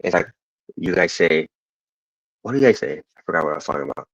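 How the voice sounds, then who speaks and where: An American man chatting casually on a stream, talking haltingly and keeps losing his train of thought. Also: low-pitched, expressive, gravelly, no room sound. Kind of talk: casual chat. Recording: dull, dry lo-fi mic.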